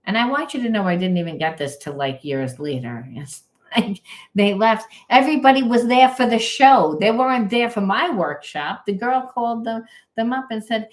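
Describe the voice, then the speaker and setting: A middle-aged woman, a spiritual coach, telling a story in a casual, blunt and animated way. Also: a little high, moderate pace. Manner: animated, blunt, acts out quoted voices.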